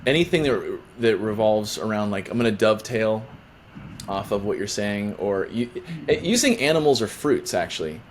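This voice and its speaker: A man with a fairly low voice hosts a relaxed podcast conversation. He keeps things playful and light as he throws out his questions, with a faint hum of room noise behind him. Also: moderate pace. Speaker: podcast host. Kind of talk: casual podcast interview.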